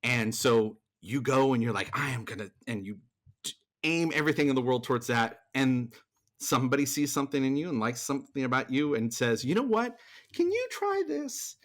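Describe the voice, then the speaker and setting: Animated man telling a story. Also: medium pitch, brisk. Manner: animated, acts out quoted voices, frequent restarts. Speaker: podcast guest, theater performer and voice actor. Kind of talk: casual storytelling chat.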